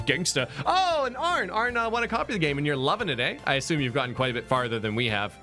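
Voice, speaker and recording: Playful male stream host, animated pitch, quick jokes. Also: soft background music. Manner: joking, animated, laughing asides. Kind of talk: casual stream wrap-up chat.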